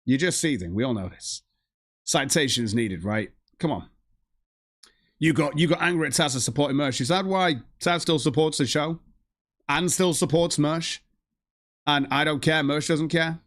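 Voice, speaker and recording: Ranting with heat and plenty of profanity about a rival streamer, this man also reads viewer donations on his livestream. His voice leans high and a bit bright at a moderate pace, in clean studio sound with no room noise.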